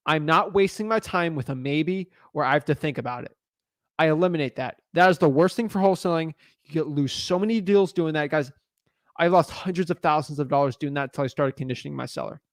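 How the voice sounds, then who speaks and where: Young guy teaching live, super confident and pushy, kinda high voice, dry no-echo sound. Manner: confident, emphatic, pushy delivery. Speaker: real estate wholesaling coach.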